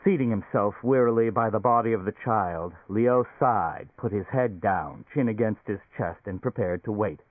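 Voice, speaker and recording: A man narrates an audiobook in a measured, steady way. His voice sits on the low side. The sound is dry and narrow, like it comes over a phone. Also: no room sound.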